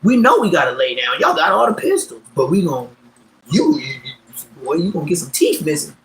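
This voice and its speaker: A man casually telling stories on a livestream, slangy and streetwise, swinging between loud bursts and mumbled asides. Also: a little high, wildly swooping pitch, a little fast, slight background noise, low-quality recording. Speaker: livestream host.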